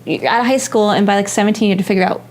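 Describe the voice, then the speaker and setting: A woman's voice: medium pitch, rapid-fire, a little mellow, slight background noise. Female host, life coach, casual and chatty, filler-heavy delivery. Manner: chatty, agreeable, many "like"s and "you know"s. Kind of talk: casual chat.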